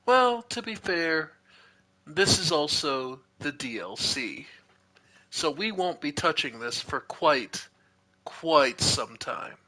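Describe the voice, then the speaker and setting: A man playing a game on stream, calmly commenting and reading game text aloud. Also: a little high, slow, rough recording. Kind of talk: let's play commentary.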